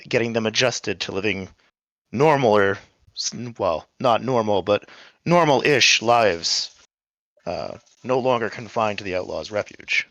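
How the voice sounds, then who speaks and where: A man's voice: fairly low pitch, fairly bright tone, dry recording. A man playing a tabletop game, talking casually and hesitantly with lots of ums. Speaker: player.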